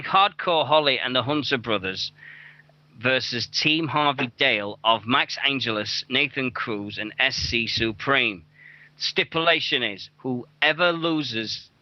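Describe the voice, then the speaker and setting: Sharp in tone and medium in pitch, a young wrestling radio host chats casually through event listings, cursing freely and poking fun at himself. The sound is dry, dull, and lo-fi.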